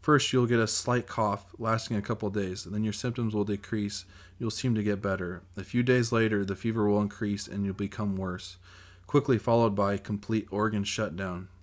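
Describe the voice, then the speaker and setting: A man's voice: fairly low pitch, steady tone, moderate pace, close to an everyday voice. A man voicing a grave television announcer giving a formal emergency warning, in a self-read audiobook. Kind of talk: audiobook character voice.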